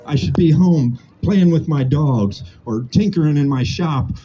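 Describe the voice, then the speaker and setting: A man's voice: a little high, a little slow, mellow, highs cut off, soft background music. A man in his late sixties giving an impassioned protest speech outdoors, building his points through repetition. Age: 60s. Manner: impassioned, repetitive rhetorical cadence. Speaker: protest speaker. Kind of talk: rally speech.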